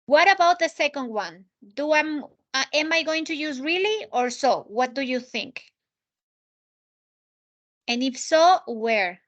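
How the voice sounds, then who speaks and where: A high-pitched woman with a bright, clear tone teaches a live English lesson. She asks her students questions and praises their answers. She repeats key points to make them stick. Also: expressive, measured pace, lo-fi sound.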